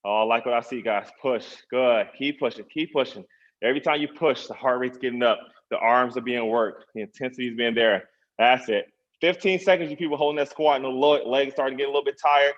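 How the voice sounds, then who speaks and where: Male fitness trainer, upbeat motivator counting reps, mid-pitched, muffled lo-fi stream audio. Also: fairly even intonation, fairly quick. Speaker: personal trainer. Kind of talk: live online workout coaching.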